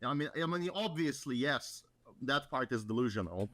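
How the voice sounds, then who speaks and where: A man with an ordinary mid-range voice speaks as a guest in a casual conversation. He picks his words slowly, stalls and repeats himself as he works out a point. The recording is dry, with no room sound. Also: medium pitch, animated, fairly bright tone, dry recording. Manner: measured, halting, repeats words while he thinks. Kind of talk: casual chat.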